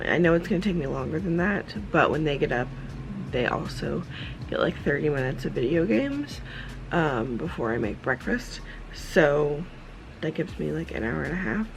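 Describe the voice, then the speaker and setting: A woman, casually vlogging at home early in the morning, chatty and rambling, with a tired, husky morning voice. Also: fairly low pitch, rough recording. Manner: chatty, rambling, with many fillers. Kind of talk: casual vlog chat. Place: dim home room at a desk, early morning.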